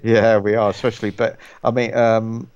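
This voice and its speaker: A man's voice: lowish voice, flat delivery, normal speed, darkish tone, no echo, muffled recording. A middle-aged man from the UK chatting casually on a call, rambling with many stumbling restarts. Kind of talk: casual chat.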